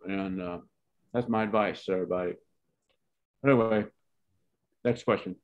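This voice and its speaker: A man's voice: deep voice, steady tone, moderate pace, long pauses, phone-quality sound. A man in his seventies from Oklahoma, telling his life story in a rambling, heartfelt way with many restarts. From Oklahoma, USA. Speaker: interviewee.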